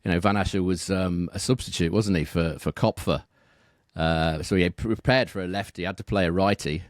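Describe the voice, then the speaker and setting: A man talking tennis betting on a podcast, steady and measured, reeling off statistics and asking tag questions. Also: sits low, no echo, studio quality. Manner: measured, reels off stats, asks tag questions. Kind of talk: casual podcast analysis.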